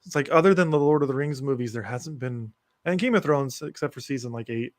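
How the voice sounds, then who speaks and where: A man's voice: medium pitch, quick pace. A man hosting a podcast, talking loosely and eagerly in casual chat about fantasy books and shows. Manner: enthusiastic, lists book titles, loose and rambling. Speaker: podcast host.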